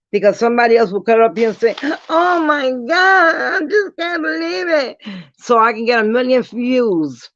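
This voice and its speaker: A woman ranting bluntly to her viewers in a casual vlog, defiant and dropping quick apologies. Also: mid-range voice, no echo. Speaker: vlogger. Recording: dull lo-fi dry sound.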